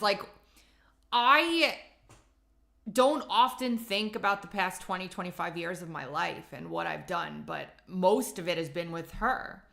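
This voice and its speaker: A woman hosting a podcast, talking in an emphatic, animated way in a casual chat. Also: on the low side, gravelly. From Italian heritage. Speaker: podcast host.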